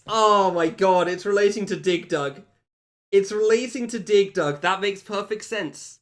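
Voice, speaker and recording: A man's voice: high voice, big pitch swings, moderate pace, fairly bright tone. A young man streaming a game, chatting casually with his viewers, joking and laughing often at himself. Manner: laughs a lot, joking, self-mocking. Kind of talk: casual live-stream chat.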